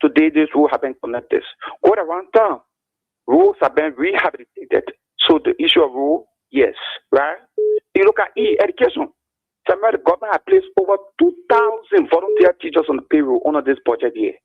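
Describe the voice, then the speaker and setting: A man calls in to defend his point, repeatedly naming the host. His high voice is gravelly and husky, with huge swings in pitch. The phone-like line sounds dry and tinny. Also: wildly swooping pitch, brisk, dry recording. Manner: argumentative, addresses the host by name. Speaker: caller. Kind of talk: political call-in commentary.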